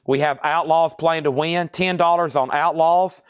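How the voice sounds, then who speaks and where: A man's voice: fairly high pitch, steady tone, clean tone, dry recording, studio quality. Upbeat man calling a live record sale. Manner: rapid item-and-price listing, chatty asides. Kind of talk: live-stream record auction patter.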